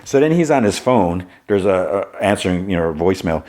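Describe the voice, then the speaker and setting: A man with a deep, low-pitched voice talks casually into a podcast mic. He rambles through a plot recap, and his sentences are loose and full of filler words. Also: lively intonation, fairly quick, few pauses, darkish tone. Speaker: podcast host.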